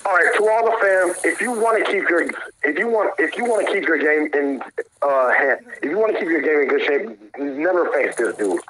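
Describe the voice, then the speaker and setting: A man's voice: a little high, expressive, brisk, fairly bright tone, poor audio. A young man streaming a video game, swearing and ranting in frustration at his opponent. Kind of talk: live gameplay commentary.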